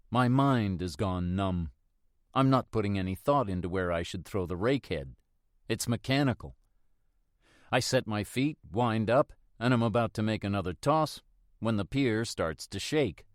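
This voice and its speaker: A man narrating a first-person mystery audiobook in a steady, reflective manner. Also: on the low side, unhurried, no echo, studio quality.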